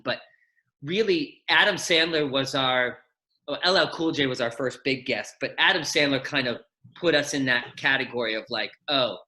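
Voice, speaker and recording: Bright-voiced animated man telling stories. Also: medium pitch. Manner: animated storyteller, acts out voices and shouts. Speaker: guest, actor and former kids' show host. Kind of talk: casual chat, storytelling. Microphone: video call.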